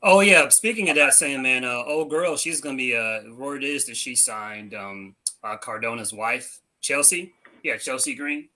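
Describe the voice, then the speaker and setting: Bright-voiced man rambling casually. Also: medium pitch, moderate pace, few pauses, rough recording. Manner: rambling, hesitant, many fillers. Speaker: podcast co-host. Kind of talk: casual chat.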